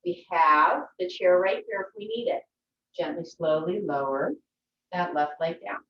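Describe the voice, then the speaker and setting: Woman yoga teacher, calm guiding voice, distant roomy dull video-call sound. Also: fairly low pitch, measured pace. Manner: gentle, encouraging instructions. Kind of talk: guided yoga class. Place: her home.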